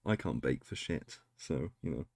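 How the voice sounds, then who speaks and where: A man's voice: a bass voice, lively intonation, normal speed, gravelly, a little mellow, dry recording, clean studio sound. A man chatting casually on a livestream, swearing freely and making self-deprecating asides. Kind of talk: casual livestream reaction chat.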